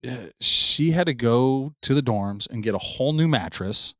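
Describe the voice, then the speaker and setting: A man's voice: mid-range voice, lively intonation, moderate pace, pushed and bright, no room sound, studio quality. A man in his thirties co-hosting a podcast, telling a long embarrassing story in a rambling, laughing way with lots of restarts. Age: 30s. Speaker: podcast co-host. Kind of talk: casual storytelling chat.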